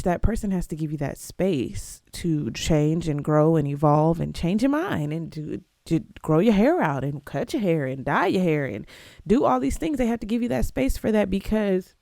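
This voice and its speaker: Young woman podcast host, low and gravelly, dry close sound, casual and emphatic. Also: warm tone, no echo. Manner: emphatic and conversational, with sudden jumps up in pitch. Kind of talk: casual solo podcast commentary.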